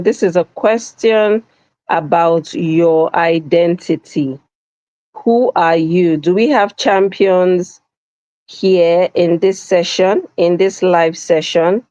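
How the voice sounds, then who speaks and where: A woman's voice: lowish voice, darkish tone, clean tone, no room sound. A woman facilitating an interactive live online session, reading viewers' comments aloud and cheering them on, with repeated phrases for emphasis. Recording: dull, slightly lo-fi dry audio.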